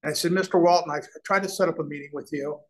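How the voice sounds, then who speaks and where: A man's voice: a little high, rapid-fire, rough recording. A middle-aged man from Nebraska telling business stories in an interview, acting out the people he quotes, with frequent restarts. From Nebraska, USA. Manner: animated storyteller, acts out quoted voices, frequent restarts. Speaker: real estate developer, guest. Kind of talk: conversational storytelling interview.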